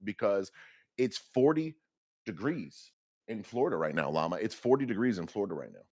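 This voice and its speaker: Loud, jokey man hosting a trading stream. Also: lowish voice, expressive, fairly quick, breathy edge, no echo, studio quality. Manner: loud, jokey, squealing bird impressions. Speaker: host. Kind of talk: live trading stream chat.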